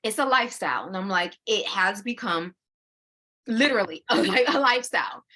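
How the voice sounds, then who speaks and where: Brisk and mid-range, this co-host's voice is crisp and forward; she's a lively woman in her forties chatting casually. Words get repeated as she collects her thoughts, and she frequently laughs and performs her inner monologue mid-sentence.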